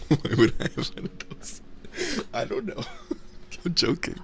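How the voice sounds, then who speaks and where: Man, whispered ASMR chat, slow drawl, swings up and down in pitch, casual swearing. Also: animated, slightly rough. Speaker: livestream host.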